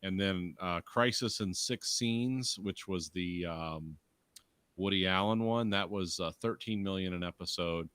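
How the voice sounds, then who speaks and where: A deep-voiced man co-hosting a podcast, listing figures and facts casually with plenty of "uh" and "um." His voice sounds dry and close, with no room around it. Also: a little slow, fairly bright tone, clean tone, no room sound. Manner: reels off facts with hesitant fillers. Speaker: podcast co-host. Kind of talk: casual chat.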